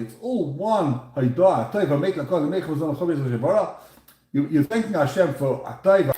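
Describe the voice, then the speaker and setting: A man leads a Talmud class with a lively, rising and falling delivery. His voice is mellow, and the sound carries in an echoey room. He mixes Hebrew and Aramaic terms into his English as he works through each question. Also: fairly high pitch, normal speed. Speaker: Talmud teacher. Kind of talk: Talmud lecture.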